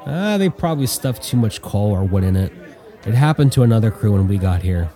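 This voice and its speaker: A man's voice: lowish voice, animated, a little fast, dark tone, a faint crowd, lightly acted. A man voicing a tired, wisecracking male airman who talks bluntly. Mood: wry.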